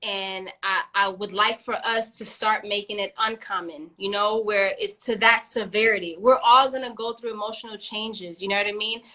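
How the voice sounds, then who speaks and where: A woman co-hosting a casual chat, animated and frank, swearing freely and laughing often. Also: mid-range voice, moderate pace, few pauses. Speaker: podcast co-host.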